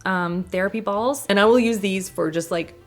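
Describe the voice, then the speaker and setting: A woman's voice: medium pitch, moderate pace, faint music behind. A woman casually talking through products she uses at home in a chatty, rambling way, laughing often between thoughts. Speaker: lifestyle vlogger.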